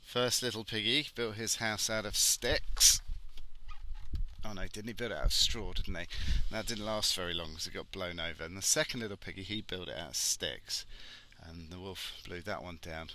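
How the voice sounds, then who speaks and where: Man, low pitch and sharp, bright timbre; sarcastic property commentator driving around. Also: brisk, few pauses, low-quality recording. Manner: blunt and sarcastic, swears freely. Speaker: property expert. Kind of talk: casual vlog commentary. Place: driving in a car.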